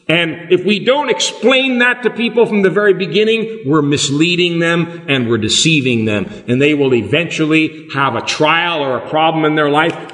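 Lively, high-pitched male preacher in a hall. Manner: emphatic preaching, slows down on key words. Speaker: pastor. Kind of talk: sermon. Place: church hall. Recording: echoey hall with long reverb.

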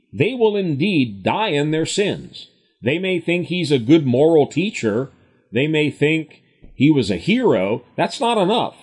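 A man's voice: mid-range voice, slightly rough. A man teaching a Bible study, reading scripture aloud and explaining it with emphatic commentary. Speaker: preacher.

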